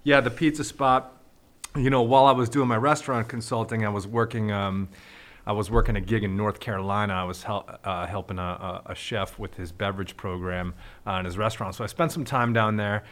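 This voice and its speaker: A man's voice: on the low side, fairly even intonation, fairly quick, fairly bright tone. A man, a restaurant owner, talking casually on a podcast, laid-back, with many fillers and some swearing.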